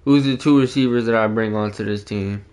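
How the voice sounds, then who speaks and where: Playing a video game on stream, this man talks a little fast in a lowish voice with a darkish tone. He's casual and slangy with viewers, jokingly scolding them as he plays.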